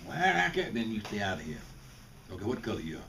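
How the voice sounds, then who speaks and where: Fairly low, gravelly, and sharp, his very animated voice moves at a quick pace. An older man from Mississippi, he's a guest speaker talking bluntly and casually to students with many restarts and repetitions, recorded by a distant mic with faint background noise.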